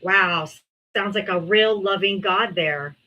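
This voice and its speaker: Brash, bright-voiced woman streamer. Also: medium pitch, slow, dull audio. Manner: brash, mocking, profane. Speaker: debate stream host. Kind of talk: live political debate stream.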